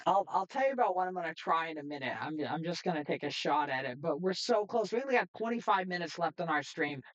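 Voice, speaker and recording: A woman streamer giving excitable, chatty live gameplay commentary. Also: lowish voice, fast, highs cut off. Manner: excitable, chatty, laughs often.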